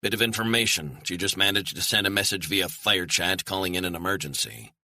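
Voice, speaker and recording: A man's voice: low voice, brisk, bright, forceful tone, dry recording, full character voice. A man voicing a terse mission handler giving clipped orders over an earpiece in an audiobook. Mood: commanding. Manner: clipped, commanding, radio-style orders. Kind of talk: audiobook character reading.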